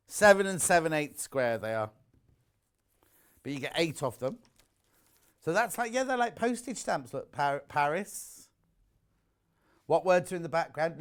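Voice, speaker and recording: Chatty animated male shopping host. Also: on the high side, clean tone. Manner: chatty, rambling, jokey asides. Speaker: shopping channel presenter. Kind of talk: live sales presentation. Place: warm studio with the shutter doors open.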